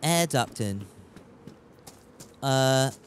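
A man's voice: mid-range voice, expressive, very slow, a little hiss or hum. A man casually commentating his gameplay, rambling and joking as he chats with viewers. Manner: rambling, jokey, chatty with viewers. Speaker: game streamer.

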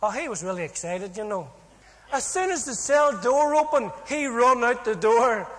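High-voiced Northern Irish man telling a testimony. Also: normal speed. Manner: animated, humorous storytelling with acted-out dialogue. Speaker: speaker giving a personal testimony. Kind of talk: storytelling testimony. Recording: long hall reverb.

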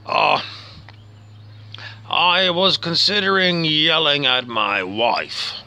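A man's voice: a little high, slow pace, vocal fry, bright, forceful tone, clear, resonant tone, exaggerated voice. A man playing a rambling, grumpy middle-aged outback husband, talking himself through his gripes and sometimes muttering. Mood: musing. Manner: rambling, self-questioning, drops to a muttering whisper. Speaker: comedian. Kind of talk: comic character monologue.

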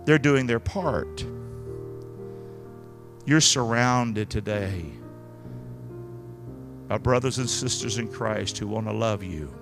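A man preaching as pastor, pleading and repeating himself, moving between hushed prayer and loud exhortation in a large church hall. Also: medium pitch, takes it slowly, creaky, long pauses, over music. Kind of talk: sermon and altar call.

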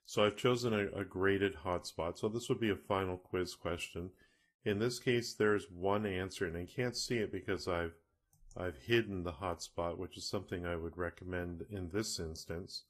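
A man with a very low voice walks through a software tutorial at an easy, conversational pace. He explains each setting plainly and corrects himself along the way. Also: fairly even intonation, moderate pace. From Canada. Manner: casual, self-correcting, explanatory. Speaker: e-learning tutorial instructor. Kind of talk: screen-recorded software tutorial.

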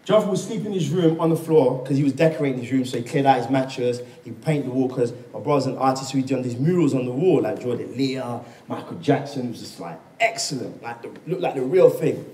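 A man's voice: mid-range voice, quick pace, hardly any pauses, warm tone. A man preaching a sermon, telling his testimony as a story, acting out the dialogue and calling out for amens. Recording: echoey room, mic far off.

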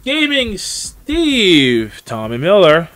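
A chatty male streamer talking through live gameplay, his fairly high voice bouncing around with lively swings. Faint music plays under his talk. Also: very slow, dry recording. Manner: chatty, greets viewers by name. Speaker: gaming streamer.

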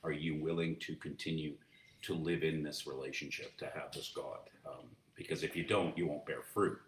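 A man's voice: rumbling low, fairly even intonation, normal speed. A man preaching as pastor, teaching in a conversational way with many fillers and restarts. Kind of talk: sermon. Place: church. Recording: roomy echo, distant mic, faint noise.

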